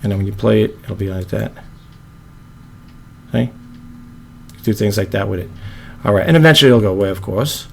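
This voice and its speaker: A man with a low monotone voice, hosting a casual video editing tutorial and rambling with apologetic asides. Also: a little fast, creaky, pauses often, a little hiss or hum. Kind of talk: casual screen-recorded tutorial.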